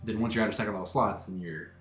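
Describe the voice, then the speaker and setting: A man's voice: lowish voice, racing, roomy sound, background noise. A man running a tabletop game who chats casually and explains the rules patiently. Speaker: game master.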